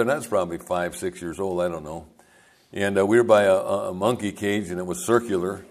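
An older man, a pastor, telling rambling folksy stories in a sermon and chuckling as he goes. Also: low voice. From United States.

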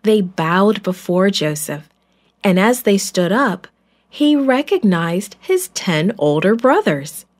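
A woman narrating a children's Bible story in a clear storytelling manner. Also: medium pitch, very animated, slow pace.

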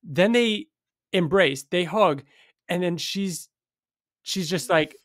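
A man co-hosting a podcast, reacting with excited, gushing chat about an episode. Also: high voice, slow pace, dry recording, clean studio sound. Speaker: podcast co-host.

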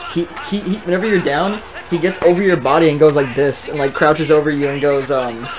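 A man's voice: on the high side, fairly even intonation, brisk. Upbeat man explaining gameplay. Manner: enthusiastic, explains game moves. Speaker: gaming host, player. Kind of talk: casual gameplay commentary. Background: game music.

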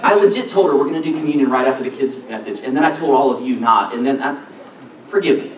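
A man preaching a sermon in a church, excitable and animated, often breaking off mid-sentence. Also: medium pitch, fast, a little hiss or hum. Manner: excitable, animated, self-interrupting. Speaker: pastor. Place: church sanctuary. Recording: echoey church hall, distant mic.

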